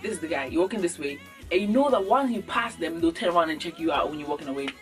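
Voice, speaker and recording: A woman's voice: on the low side, fast talker. Young woman from ghana chatting to her camera, jokey vlog rant, voice jumping up and down, a bit of music under it. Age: young adult. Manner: animated, acts out little scenes with sudden jumps in voice. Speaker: beauty vlogger. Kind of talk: casual comedic vlog monologue. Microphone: camera mic.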